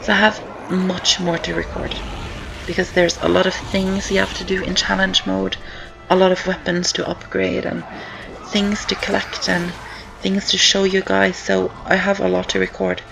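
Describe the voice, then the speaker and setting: Indoors at home, with rain on the windows and game music behind, a young let's-play commentator speaks in a mid-range, monotone, creaky voice at moderate pace against background noise. Out of breath with a sore throat, the student rambles casually, repeating things and saying um often.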